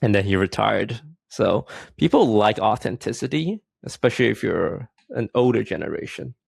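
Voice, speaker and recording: A man co-hosting a podcast, explaining things in a relaxed, casual way with some fillers. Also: on the low side, normal speed, creaky, breathy edge, no echo. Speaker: podcast co-host, streamer.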